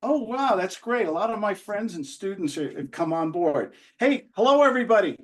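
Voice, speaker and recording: Cheerful high-pitched man, casual and chatty, speaking over a video call. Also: lively intonation, moderate pace. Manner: chatty, cheerful greetings, a little unsure. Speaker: co-presenter. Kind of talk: casual webinar chat.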